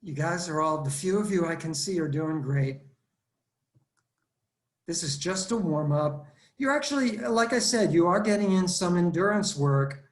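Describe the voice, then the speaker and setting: A man's voice: sits high, expressive, moderate pace. A male fitness instructor leading a live online workout class, counting reps aloud and giving step-by-step cues over a video call. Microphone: video call computer mic. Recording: roomy echo.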